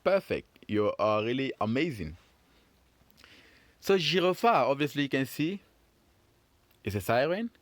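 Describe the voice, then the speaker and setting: Man, phonics teacher for kids, slow, very animated pitch, patient, encouraging, dry close sound. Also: no room sound. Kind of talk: children's phonics lesson.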